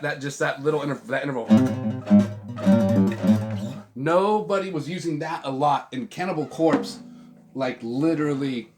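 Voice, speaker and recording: A middle-aged man hosting a vinyl channel, chatting casually from home about albums, rambling, swearing often and restarting his sentences. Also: medium pitch. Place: at home with a dog. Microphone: camera on a tripod.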